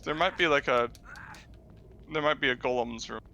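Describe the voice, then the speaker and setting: A man casually chatting alongside a gameplay stream, relaxed and hedging with lots of fillers. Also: mid-range voice, moderate pace, creaky, dull audio, a little hiss or hum. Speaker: co-host watching the game. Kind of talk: casual chat over gameplay.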